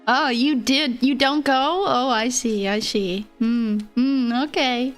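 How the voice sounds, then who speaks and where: A woman's voice: high voice, slow pace, faint music behind. A woman livestreamer chatting casually with viewers in a giggly, playful and teasing way.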